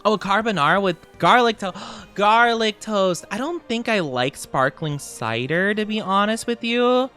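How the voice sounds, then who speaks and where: Livestreamer, casual gameplay chat, bright, giggly voice, soft music underneath. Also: medium pitch, big pitch swings, moderate pace, few pauses. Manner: chatty and giggly, answers chat messages. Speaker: streamer reading chat.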